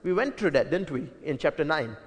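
An earnest man preaching a Bible-study sermon, his voice sitting a little high for a man. He leans hard on key points and often stops to restart a phrase. The sound carries a long hall reverb. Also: big pitch swings, brisk. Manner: earnest, emphatic, with frequent fillers and restarts.

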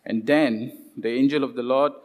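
A man preaching a sermon, retelling scripture stories with lively quoted voices and many "uh" fillers. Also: medium pitch, normal speed. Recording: long hall reverb.

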